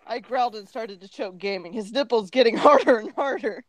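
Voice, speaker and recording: A woman's voice: on the high side, brisk. A woman co-hosting a podcast, reading crude fan fiction aloud for laughs and giggling through it. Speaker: podcast co-host.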